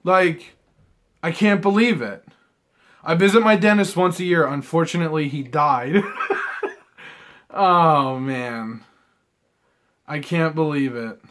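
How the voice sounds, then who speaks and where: A man reviewing trading cards in a casual vlog, rambling and swearing, swinging between mumbled asides and excited outbursts. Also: on the high side, takes it slowly, long pauses. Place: apartment room.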